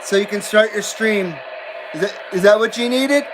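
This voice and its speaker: A man hosting a CB radio livestream, chatting casually and reading out viewer comments in a laid-back, drawn-out way. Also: sits high. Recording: steady background noise.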